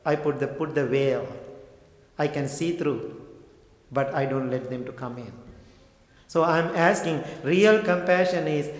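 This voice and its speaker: Monk teaching in an echoey hall. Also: male voice, a little high, unhurried, pauses often. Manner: gentle, plain phrasing with questions to the audience. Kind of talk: dharma talk.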